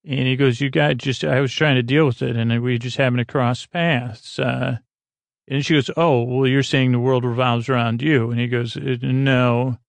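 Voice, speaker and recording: A man recapping a TV episode in a halting, rambling way, full of fillers and restarts, speaking softly. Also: medium pitch, fairly even intonation, creaky, no echo. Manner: halting, many fillers and restarts, paraphrasing dialogue. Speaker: podcast host.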